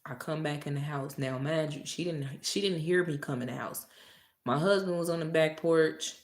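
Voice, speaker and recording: A woman's voice: low-pitched, normal speed. A woman telling a story casually, cursing freely and acting out a heated argument. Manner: profane, animated retelling that acts out heated arguments. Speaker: storytime vlogger. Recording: roomy echo.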